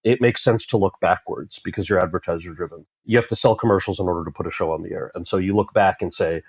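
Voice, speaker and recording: A man with a fairly low voice talks through stories and industry views as an interview guest. He acts out quoted lines with sudden leaps in pitch. The recording is close and dry. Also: fast talker, slightly rough, no room sound. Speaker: actor guest. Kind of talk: conversational interview storytelling.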